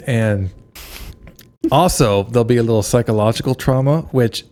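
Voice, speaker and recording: A man co-hosting a podcast, talking through a deadpan comedy bit at a slow, even pace. His voice sits at a middling pitch for a man. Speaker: podcast co-host.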